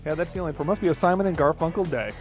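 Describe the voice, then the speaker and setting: A man's voice: on the high side, very fast. A man hosting a casual radio tech show, talking in a rambling, hesitant way full of fillers. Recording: dull lo-fi radio recording with music.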